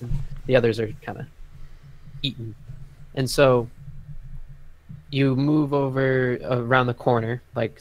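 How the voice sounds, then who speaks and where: A man narrating a tabletop game as game master in a casual, halting way, with many fillers and restarts. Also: mid-range voice.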